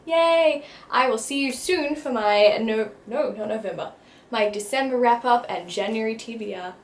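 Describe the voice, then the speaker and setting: Bubbly woman with a high voice. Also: moderate pace. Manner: bubbly, giggly and self-deprecating, with frequent slips and restarts. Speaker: book vlogger. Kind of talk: casual vlog chat. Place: her bedroom.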